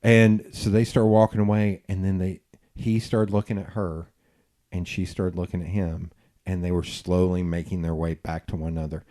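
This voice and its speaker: Lowish-voiced man telling stories. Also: moderate pace. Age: 40s. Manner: animated, acts out quotes, swears freely. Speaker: podcast host. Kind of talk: casual storytelling chat.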